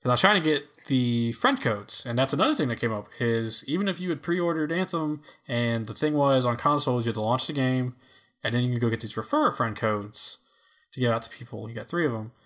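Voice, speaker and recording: Male podcast co-host, mid pitch, loose and rambling, heavy on fillers. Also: lively intonation, fairly quick, a bit bright. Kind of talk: casual chat.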